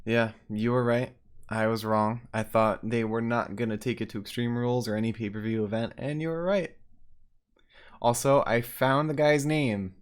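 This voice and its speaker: A woman's voice: extremely low pitch, steady tone, moderate pace. A woman co-hosting a podcast with dry, matter-of-fact asides in casual chat. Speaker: podcast co-host.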